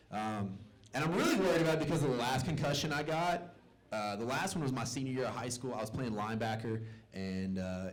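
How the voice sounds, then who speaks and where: A young man from the South tells stand-up stories on a comedy club stage. He is loose and self-mocking, and he acts out the people in his stories. His voice sits at an ordinary middle pitch for a man. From American South. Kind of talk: stand-up storytelling.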